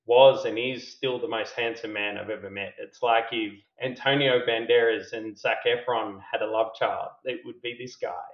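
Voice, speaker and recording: A middle-aged man shares a story on a podcast, frank and quick to laugh at himself. His voice sits at an ordinary pitch. The recording is roomy and a little muffled. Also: fairly bright tone. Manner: candid, self-deprecating, laughs at himself. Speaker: company founder and CEO, podcast guest. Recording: roomy, slightly dull podcast audio.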